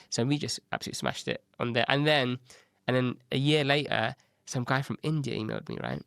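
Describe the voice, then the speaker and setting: A man tells stories in a casual interview, lively and often slipping into the voices of people he quotes. His voice has a gravelly edge. The recording is dry and close. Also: mid-range voice, a little fast, hardly any pauses, no room sound. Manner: animated, acts out quoted dialogue, frequent "right?". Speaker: agency founder, podcast guest.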